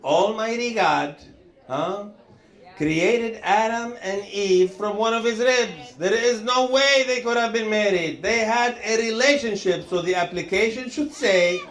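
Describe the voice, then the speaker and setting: High-voiced man rambling on stage. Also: a little slow, a bit bright. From Lebanon. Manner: rambling, chuckling through lines, many hesitations. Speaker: stand-up comedian. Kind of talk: stand-up routine.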